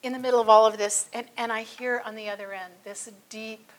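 A woman's voice: a little high, fairly even intonation, brisk, a little hiss or hum. A middle-aged woman teaching a church class, telling personal stories in a chatty way with many fillers.

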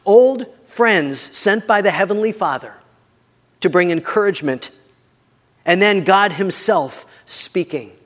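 High-voiced earnest pastor in a reverberant church. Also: male voice, lively intonation, measured pace. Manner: earnest, conversational preaching that often drops soft for emphasis. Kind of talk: sermon.

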